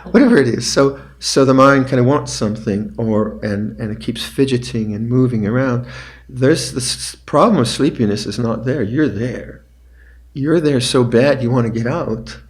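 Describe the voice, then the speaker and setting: At a meditation retreat, an older male meditation teacher gives a dharma talk in a calm, unhurried, mid-pitched voice. He frequently repeats short phrases more softly.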